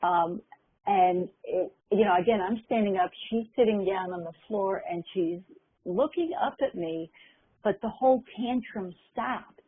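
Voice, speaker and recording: An older woman, a guest minister and spiritual teacher, telling a story in a gentle, reflective way with frequent pauses. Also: mid-range voice, breathy edge, dry recording. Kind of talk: conversational storytelling. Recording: phone-line audio.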